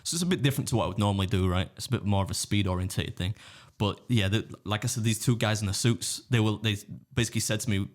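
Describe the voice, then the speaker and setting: A man's voice: fairly low pitch, fast talker, hardly any pauses. An English man telling a rambling story in a casual podcast chat, with frequent restarts. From England. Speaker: guest, food challenge YouTuber.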